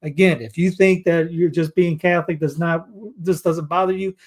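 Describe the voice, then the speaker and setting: Guy rambling thru news headlines, slightly high voice, lots of asides. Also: fairly even intonation, moderate pace. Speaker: commentary show host. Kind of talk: casual news commentary, reading headlines aloud.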